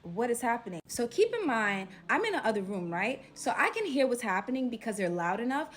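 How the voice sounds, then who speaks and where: A young woman from Brooklyn with a Brooklyn accent tells a personal story in a casual storytime style. She is animated and drops to a hushed tone for suspense. Her voice sits a little high. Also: fairly quick. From Brooklyn, New York.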